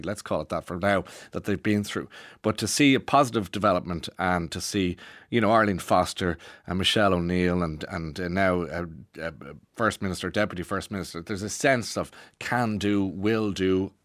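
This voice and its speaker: A man's voice: low voice, moderate pace, a bit bright, no echo, clean studio sound. An Irish man presenting a radio show, chatting casually in a rambling way with lots of restarts and asides. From Ireland. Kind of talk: casual monologue.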